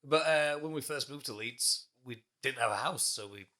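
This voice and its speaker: A man's voice: medium pitch, moderate pace, sharp tone. A young man, hosting a casual podcast chat, teasing his guest and laughing often. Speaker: podcast host.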